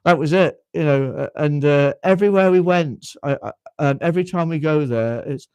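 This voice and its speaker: A man's slightly high, darkish, smooth voice moves at normal speed with few pauses and no echo. He is a well-spoken British livestream host in his fifties, from the UK, keeping a casual chat going while often repeating his words.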